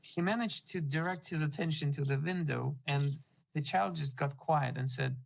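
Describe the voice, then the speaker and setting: A man hosting a conversation, telling a story with lively acted-out quotes and halting restarts. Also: fairly high pitch, vocal fry, low-quality recording. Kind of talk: conversational anecdote.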